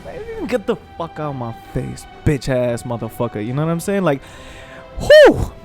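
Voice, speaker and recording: A young man commenting on a video game while ranting in a profane, animated way, swearing freely. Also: medium pitch, a little fast, music in the background. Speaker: gaming streamer. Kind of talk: casual gameplay commentary rant.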